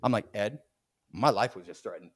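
On the low side and at a moderate pace, a man in his forties hosts a podcast and animatedly relates a workplace story, voicing what people said. He laughs mid-story and restarts sentences a lot, with no room sound on the recording.

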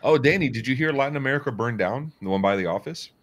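A man hosting a casual talk show, with a deep voice and a loose, storytelling way of talking that mixes in swearing. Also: animated, fast talker, fairly bright tone. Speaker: host. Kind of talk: casual chat.

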